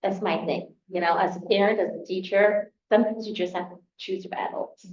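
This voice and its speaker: An older woman, a toddler teacher on a parent panel, telling stories in a lively conversational way. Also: mid-range voice, fairly quick. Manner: animated storytelling, acting out a child's voice. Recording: echoey room, slightly muffled.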